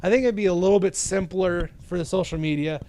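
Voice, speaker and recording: A man's voice: high-pitched, fast, mellow, slight background noise. A man hosting a casual podcast chat, rambling and correcting himself as he goes. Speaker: podcast host.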